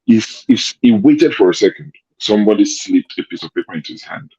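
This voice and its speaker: A man's voice: on the low side, animated, fast talker, warm tone, husky, lo-fi sound. A Nigerian man hosting an online discussion, arguing his case with pointed rhetorical questions. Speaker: host.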